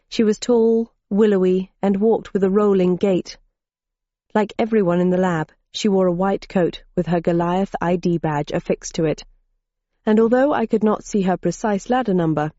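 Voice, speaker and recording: Woman audiobook narrator, wry and dry, mellow voice, dead dry room, dull lo-fi audio. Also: on the low side, dry recording. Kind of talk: scripted first-person audiobook narration.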